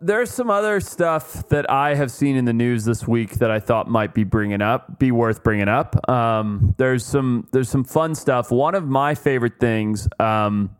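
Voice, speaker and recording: A man's voice: mid-range voice, measured pace, hardly any pauses, clean tone. A man co-hosting a podcast, telling stories in a loose, chatty way with plenty of fillers. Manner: chatty storyteller with many fillers. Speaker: podcast co-host. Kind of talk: casual chat.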